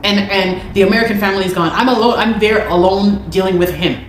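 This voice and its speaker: A woman's voice: medium pitch, fast talker, roomy sound, slight background noise, low-quality recording. A woman telling her own story to camera in an emphatic, indignant way, repeating her key points.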